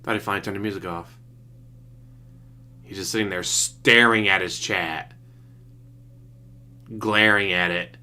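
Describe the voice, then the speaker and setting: A man's voice: sits low, steady tone, a little slow, long pauses, pushed and bright. A man giving sarcastic, mocking running commentary while he watches another streamer's broadcast. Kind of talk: casual reaction commentary. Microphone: desktop USB mic.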